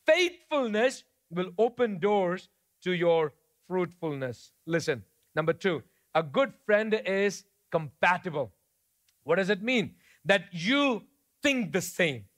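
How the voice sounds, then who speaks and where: A man from India, preaching a sermon in a conversational way that moves between soft storytelling and emphatic points. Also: high-pitched, lively intonation, slow pace. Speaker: pastor.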